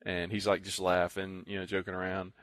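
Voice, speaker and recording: Low-voiced young man telling a rambling story. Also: monotone, brisk, fairly bright tone, no echo. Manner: rambling storyteller, acts out other players' lines. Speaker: podcast co-host. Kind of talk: casual chat.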